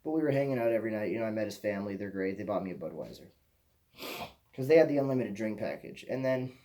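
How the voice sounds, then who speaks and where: A man's voice: fairly low pitch, lively intonation, quick pace, mellow. A young man from Michigan telling a rambling personal story as a vlogger, swearing casually and often repeating himself. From Michigan, USA.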